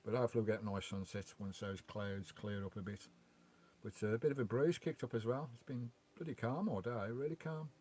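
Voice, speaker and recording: A man with a lowish, slightly mellow voice talks fairly quickly on a remote mic. He's hosting a casual vanlife livestream outdoors by a loch beside his van, chatting and greeting viewers as he reads their messages.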